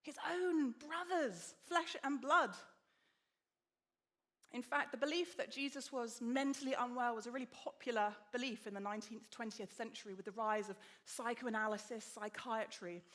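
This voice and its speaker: A woman preaching a sermon with lively storytelling, acting out the people she quotes. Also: fairly high pitch, moderate pace. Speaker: guest preacher.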